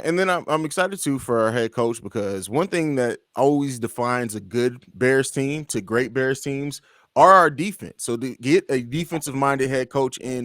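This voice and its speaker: A man's voice: medium pitch, fairly bright tone, no echo, studio quality. A man co-hosting a sports podcast, easygoing and chatty, with frequent "uh" and "um" as he thinks aloud. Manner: easygoing, many "uh" and "um" fillers, asks questions. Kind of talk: casual sports chat.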